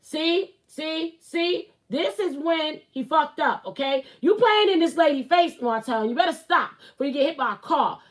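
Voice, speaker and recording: A woman with a somewhat high voice talks straight into her own show, spilling blunt opinions. She rambles, circles back and repeats herself. Her delivery is casual and full of fillers. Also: lively intonation, moderate pace, hardly any pauses. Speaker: host. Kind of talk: casual celebrity gossip commentary.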